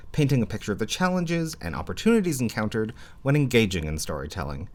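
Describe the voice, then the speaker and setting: A man introduces a podcast episode from a script, his low voice moving through a wide, expressive melody. The reading is clear and measured. Soft music plays beneath him. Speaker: podcast co-host.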